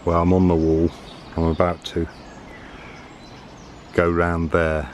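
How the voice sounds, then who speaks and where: Brief: very low-voiced man, rambling outdoor vlog, faint birdsong and breeze behind. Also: completely flat delivery, slow pace, slight background noise. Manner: rambling, chatty, thinking aloud. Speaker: vlogger on a woods walk. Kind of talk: casual walking vlog. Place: outdoors in summer woodland. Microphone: handheld camera while walking. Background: birdsong and faint outdoor ambience.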